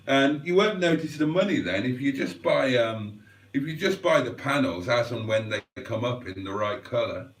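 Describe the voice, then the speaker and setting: A man hosting a livestream, chatting to viewers in a rambling, wry, self-mocking way and clearing his throat often. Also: medium pitch, lively intonation, normal speed. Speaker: livestream host. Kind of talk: rambling casual chat to viewers. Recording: roomy sound, mic at a distance.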